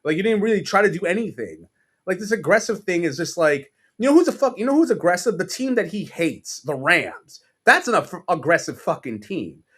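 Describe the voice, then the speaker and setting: A man's voice: high-pitched, big pitch swings, fairly quick, fairly bright tone, slightly rough. Profane ranting New York man. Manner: profane, exasperated ranting with mocking impressions. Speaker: podcast co-host. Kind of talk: casual sports podcast rant.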